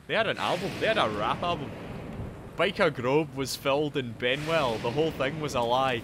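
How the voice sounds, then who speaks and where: A man's voice: mid-range voice, fairly quick, fairly bright tone, a little hiss or hum. A Glaswegian man in his thirties, chatting boisterously with viewers while gaming, swearing freely and riffing on silly bits. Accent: Glaswegian Scottish. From Scotland. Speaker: streamer.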